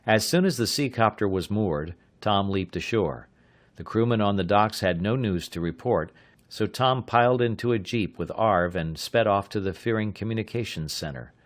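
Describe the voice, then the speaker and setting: A man narrating an audiobook in a steady, measured reading. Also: sits low. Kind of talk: scripted narration.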